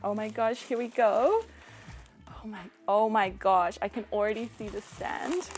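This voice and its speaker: Gushing New Zealand woman unboxing slowly. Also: medium pitch, over music. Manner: gushing, breathless exclamations of delight. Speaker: doll artist and vlogger. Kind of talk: excited unboxing vlog.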